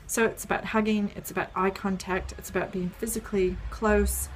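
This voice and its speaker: A woman's voice: medium pitch, steady tone, fairly quick, slight background noise. A woman explaining an idea in a casual video, step by step, with frequent ums and "right?" checks. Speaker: parenting educator.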